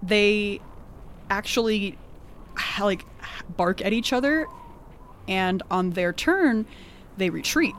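A woman with an accent casually recapping a tabletop game session, animated and laughing often, peppering her talk with "like". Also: mid-range voice, takes it slowly, pauses often, slight background noise. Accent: non-standard accent of her own. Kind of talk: casual storytelling chat.

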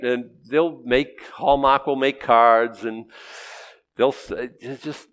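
A middle-aged man preaching an expository sermon, conversational and humorous, swinging from loud outbursts to low asides. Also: slow, clear, resonant tone.

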